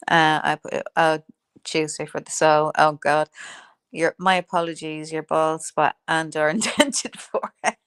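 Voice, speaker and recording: A woman's voice: low-pitched, steady tone, unhurried, a bit bright, smooth, no room sound, studio quality. Sarcastic, swearing woman on a live stream. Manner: sarcastic and profane, laughing often. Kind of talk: casual live-stream chat reading viewer comments.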